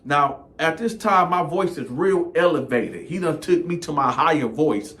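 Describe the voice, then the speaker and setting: A man telling a comedic story in an animated way, jumping into the voices of the people in it. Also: fairly high pitch, moderate pace.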